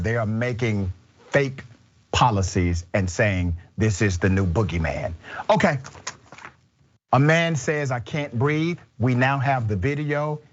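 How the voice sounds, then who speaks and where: Husky low-voiced male commentary host. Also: muffled recording. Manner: emphatic, speaks in short punchy statements. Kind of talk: political commentary show.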